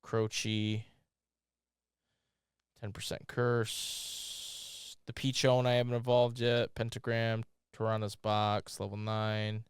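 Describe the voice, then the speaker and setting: Excitable man narrating his gameplay. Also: fairly low pitch, slow, pauses often, smooth, no room sound. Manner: excitable, swears freely, bursts into loud yelps; rambling, jokey asides. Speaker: gaming channel host. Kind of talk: playthrough commentary.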